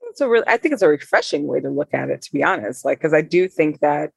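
A podcast host asking questions in relaxed, casual conversation, full of fillers. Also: medium pitch, fast, gravelly, husky, no echo. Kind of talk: casual interview chat.

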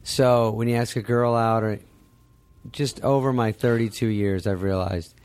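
A man's voice: fairly low pitch, steady tone, a little slow, darkish tone, clear, resonant tone, dry recording. A man visiting a podcast studio as a comedian guest, talking in a dry, sarcastic way. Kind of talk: casual comedic podcast banter. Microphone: studio mic.

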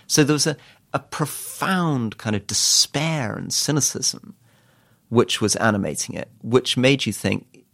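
A man's voice: mid-range voice, animated, a little slow, vocal fry, a bit bright, no room sound. A British man, a former politician turned author, giving dry, wry interview answers. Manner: dry, wry storytelling with quoted asides.

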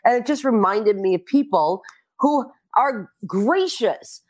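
A woman in her fifties chatting casually as a guest, telling lively, profane stories. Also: fairly high pitch, slow pace. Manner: animated storytelling, profane. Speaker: celebrity guest. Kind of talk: casual chat.

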